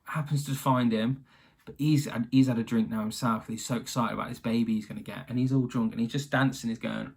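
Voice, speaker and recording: A man's voice: mid-range voice, steady tone, a little fast, gravelly, darkish tone, husky. A man casually retelling a fairy tale in a chatty, slangy way with wry asides. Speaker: storyteller.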